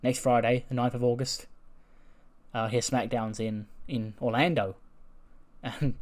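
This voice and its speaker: A man's voice: medium pitch, steady tone, measured pace, close to an everyday voice. Man doing a brash, blustering wrestler guy. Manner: loud, blustering, calls people lad. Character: brash cocky male wrestler, shouting.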